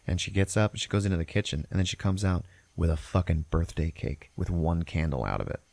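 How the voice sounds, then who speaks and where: A man's voice: deep voice, a little fast, gravelly, a little mellow, no room sound. A man hosting a podcast, retelling a film plot in a loose, profane, rambling way. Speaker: podcast host. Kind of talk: casual film recap.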